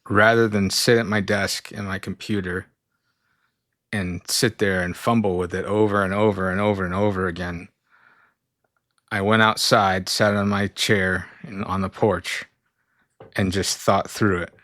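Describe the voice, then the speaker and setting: Low-voiced man on a dry mic. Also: little pitch movement, measured pace, fairly bright tone, no echo. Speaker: podcast co-host. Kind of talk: casual chat.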